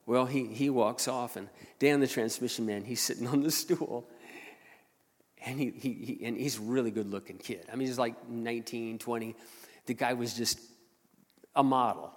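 Pastor guy telling a story in a sermon, gets loud then real quiet, long hall echo. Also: mid-range voice, moderate pace. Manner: animated, swings from loud to hushed.

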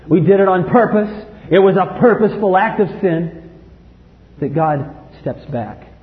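Man, sermon, high voice, emphatic, long hall reverb, dull lo-fi sound. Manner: emphatic, rises to loud acted outbursts then drops low. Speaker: pastor.

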